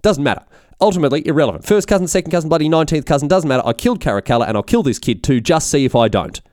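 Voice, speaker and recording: A man voicing a blustering, vengeful male emperor, talking in a loud, boastful way. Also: a little high, big pitch swings, racing, no echo, clean studio sound, voice pushed up. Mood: ranting.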